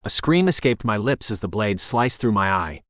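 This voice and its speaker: A man narrating a first-person novel as an audiobook in a steady storytelling voice. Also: on the low side, normal speed, no room sound, clean studio sound.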